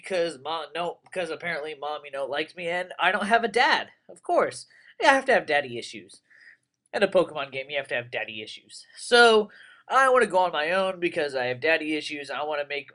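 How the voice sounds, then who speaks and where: A young man giving casual, rambling commentary on a game he plays, excitable and full of crude jokes. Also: a little high, moderate pace. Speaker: let's player.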